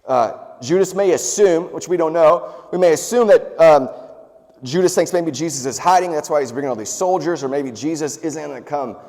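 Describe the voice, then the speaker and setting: A man's voice: on the high side, moderate pace, long reverb tail. A man preaching a sermon as pastor, talking casually and animatedly with asides and personal stories. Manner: conversational, animated storytelling with asides. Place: church hall.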